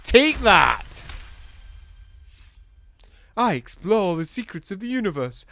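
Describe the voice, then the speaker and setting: A man casually commentating as he plays a video game, chatty and amused and thinking out loud. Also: sits high, sing-song, slow pace, vocal fry, dry recording. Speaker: game streamer. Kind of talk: casual let's-play commentary.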